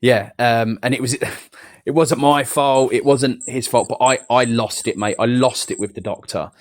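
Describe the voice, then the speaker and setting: A man's voice: medium pitch, steady tone, moderate pace. A man, hosting a casual live chat and telling a personal story with quoted voices and swearing. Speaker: podcast host.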